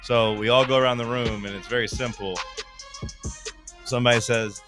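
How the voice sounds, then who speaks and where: A man's voice: medium pitch, fairly even intonation, moderate pace, over music. A man hosting a sports radio show in a studio, joking and laughing with his co-hosts. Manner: playful, laughing. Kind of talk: casual studio banter.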